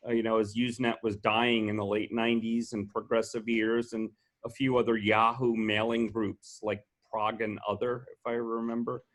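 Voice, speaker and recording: A man's voice: fairly low pitch, normal speed, few pauses. A man, a festival co-founder, telling anecdotes in a casual way and acting out what other people said. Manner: animated, acts out quoted dialogue.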